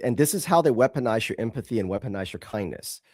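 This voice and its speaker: A man's voice: mid-range voice, lively intonation, quick pace, darkish tone, dry recording, studio quality. A male host giving emphatic, scornful commentary on a video clip, repeating himself for stress.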